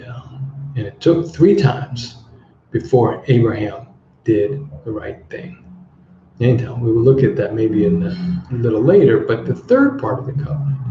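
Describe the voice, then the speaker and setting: Slow, mellow-voiced man teaching a lesson. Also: mid-range voice, slight background noise. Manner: slow, stops to explain words and translate them. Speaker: English teacher. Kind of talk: relaxed Bible-based language lesson. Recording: echoey room, slightly dull sound.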